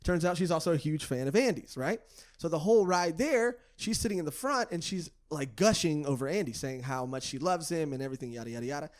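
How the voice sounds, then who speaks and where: A man's voice: on the high side, lively intonation, fast talker. A young man, a podcast host, telling a long rambling story in casual chat and swearing freely.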